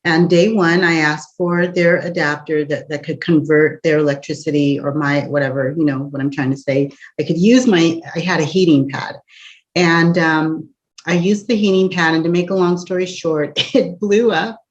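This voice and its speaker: A young woman, an empath coach, telling a personal story in an animated way with frequent laughs and asides. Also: sits low, moderate pace. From United States. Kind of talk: storytelling encouragement talk. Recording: dull lo-fi recording.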